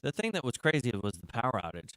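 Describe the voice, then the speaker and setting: A man's voice: mid-range voice, wildly swooping pitch, fast talker, fairly bright tone, dry recording, poor audio. A man on a radio morning show, teasing his co-host with short, dry quips into a studio microphone. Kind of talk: casual on-air banter.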